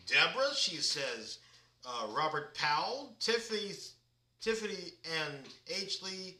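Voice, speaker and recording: A man's voice: sits high, expressive, unhurried, sharp tone, far from the mic. A man with a drawl hosting a casual live-stream quiz, reading out viewers' names and answers in a chatty manner. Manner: chatty, reads viewers' names and comments aloud. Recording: echoey room, voice away from the mic.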